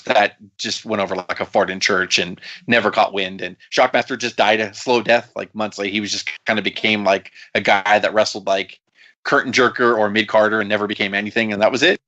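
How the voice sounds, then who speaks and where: A man co-hosting a wrestling podcast in casual chat, animated and cursing often. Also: medium pitch, dull audio. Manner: animated, swears often, puts on quoted voices. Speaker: podcast co-host.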